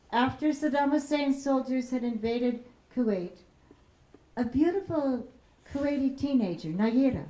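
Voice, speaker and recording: A middle-aged woman from Chicago giving a public talk as a peace activist. She tells stories in a measured way and slows down to stress key phrases. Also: on the high side, dark tone. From Chicago, USA. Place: lecture room. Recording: roomy hall echo.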